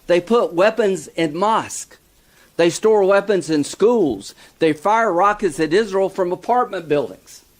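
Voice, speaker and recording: Male politician, speech delivery, somewhat high voice, emphatic and combative. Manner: forceful, rising to emphatic outrage. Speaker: lawmaker giving a speech.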